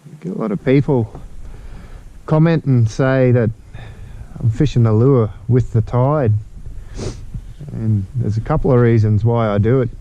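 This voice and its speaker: A man's voice: medium pitch, unhurried, gravelly, lo-fi sound. A man with an Australian accent chatting casually to viewers while fishing from a kayak, recorded on an action camera. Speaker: fishing vlogger. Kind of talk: casual outdoor vlog. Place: on a kayak outdoors on the water.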